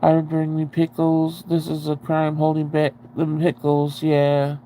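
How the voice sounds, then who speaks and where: A woman's voice: sits low, monotone, a little slow, dark tone, a little hiss or hum. A woman hosting a casual livestream, rambling and chatty as she answers viewer comments and swears freely. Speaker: livestream host.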